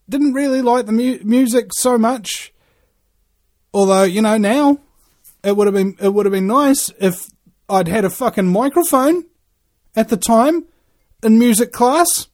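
A man's voice: extremely high pitch, a little mellow. A man giving a rambling, profane monologue, ranting and throwing out rhetorical questions.

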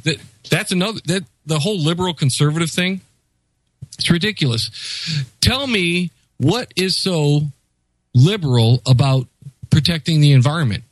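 A man speaks emphatically and sardonically in casual political chat. His voice is a little high, and the sound is dry and close. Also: lively intonation, moderate pace, no room sound, low-quality recording.

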